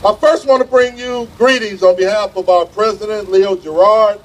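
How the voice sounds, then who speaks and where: A man's voice: high voice, steady tone, normal speed, rough recording. A man who is a union vice president speaks outdoors at a rally, folksy and confident and fond of anecdotes. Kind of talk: rally speech.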